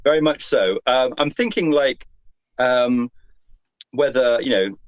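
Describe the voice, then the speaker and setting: A man's voice: mid-range voice, takes it slowly, no echo, lo-fi sound. A man from the UK joining a live podcast, rambling and hesitant, with lots of fillers. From United Kingdom. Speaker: podcast guest panelist. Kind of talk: casual live chat.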